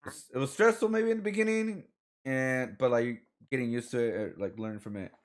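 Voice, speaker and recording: A man's voice: medium pitch, fairly quick. A man hosting a casual interview podcast over a call, chatty and repetitive with many fillers. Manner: chatty, repeats words, many likes. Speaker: podcast host. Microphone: remote call audio.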